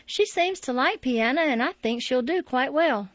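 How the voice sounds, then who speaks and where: A woman voicing a kind young piano teacher who speaks gently and encouragingly in a storybook reading. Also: high-pitched, lively intonation, normal speed, dry recording, voice pushed up. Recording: dull, dry lo-fi audio.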